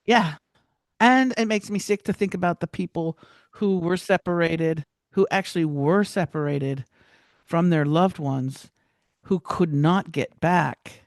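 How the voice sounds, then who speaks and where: A woman telling a personal story as a podcast guest, animated, with many restarts and acted-out quotes. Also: on the low side, a little slow, no room sound, clean studio sound.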